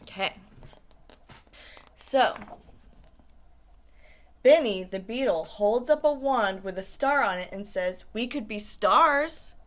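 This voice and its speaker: A woman's voice: mid-range voice, slow, long pauses. A woman who is an elementary school guidance teacher, reading a picture book aloud to young children, asking them questions and encouraging them. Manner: warm, encouraging, asks the kids questions.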